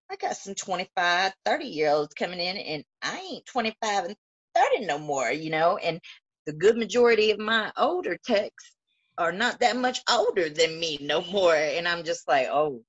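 A woman in her thirties hosting a podcast in casual, profane, animated chat, with loud laughs. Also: mid-range voice, moderate pace, husky. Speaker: podcast host. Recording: dull lo-fi audio.

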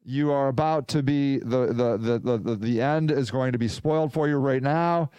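A man hosting a casual podcast, rambling and excitable, talking in bursts into a close mic. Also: mid-range voice, normal speed, clean tone, no echo, lo-fi sound. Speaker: podcast host.

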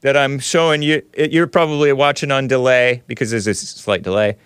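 A man hosting a call-in show, chatty and quick to laugh, often cutting himself off mid-sentence. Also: medium pitch, fairly even intonation, a bit bright, clean tone, dry recording, clean studio sound. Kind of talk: casual call-in talk.

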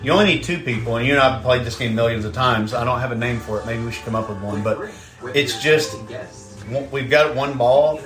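A young man riffs casually on a game he is watching, cracking jokes and cursing freely. His voice is at an ordinary middle pitch. An echoey room surrounds his voice. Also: brisk, over music. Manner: relaxed, joking, swearing banter. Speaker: podcast co-host. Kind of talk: casual chat and game commentary. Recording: roomy echo.

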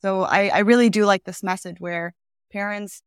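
A woman hosting an interview, offering her own thoughts in a relaxed, filler-heavy way. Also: medium pitch, moderate pace, smooth, dry recording, studio quality. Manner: thoughtful, with many fillers like "you know" and "um". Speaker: podcast host. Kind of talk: conversational interview commentary.

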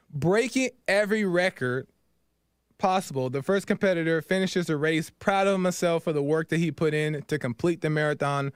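An earnest man tells a parable on his podcast and then reflects on it. He repeats key phrases and keeps checking in with "right?". His voice sits a little high and sounds smooth and clear, with a dry, close sound. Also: dry recording. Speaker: podcast host. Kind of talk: storytelling reflection.

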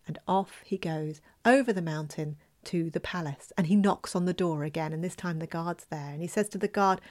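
A woman telling a folk tale in a lively, expressive way, dropping at times into a whisper. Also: lowish voice, moderate pace. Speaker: storyteller.

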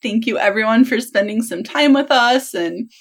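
A woman's voice: a little high, lively intonation, normal speed, poor audio. A woman hosting a podcast, chatting enthusiastically about books and laughing often. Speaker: podcast host. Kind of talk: casual book chat.

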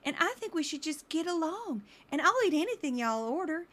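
A woman's voice: sits high, big pitch swings, brisk, a bit bright, pitched above the performer's own voice. A woman voicing a chirpy, friendly female morning-TV host who talks in a sweet, folksy, airy way. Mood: sugary.

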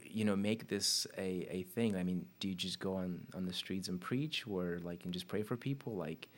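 A man's voice: low-pitched, normal speed. Man hosting a casual podcast interview. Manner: relaxed, filler-heavy, lively when telling stories. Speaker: podcast host.

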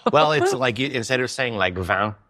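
A man's voice: mid-range voice, lively intonation, brisk, a bit bright, no echo, clean studio sound. A man hosting a podcast, chatting casually and joking in rambling asides. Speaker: podcast host. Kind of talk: casual conversational interview. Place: lives in Paris.

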